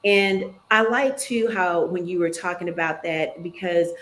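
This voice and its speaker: A woman's voice: on the low side, a little slow, a bit bright, a little hiss or hum. A woman hosting a talk show, chatting in an affirming, conversational way. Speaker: show host.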